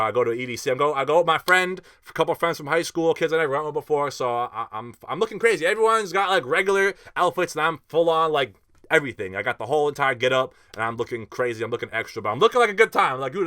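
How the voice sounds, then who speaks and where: Young man, casual storytelling, animated, slangy, rapid, dry close sound. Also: medium pitch, clean tone, no room sound. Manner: animated, slangy, profane, lots of "like" fillers. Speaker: festival vlogger telling a story.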